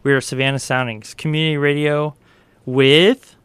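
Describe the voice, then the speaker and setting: A man's voice: on the high side, flat delivery, normal speed, fairly bright tone, clean tone, dry recording. A man hosting a late-night comedy radio show in a studio, with jokey, ironic banter.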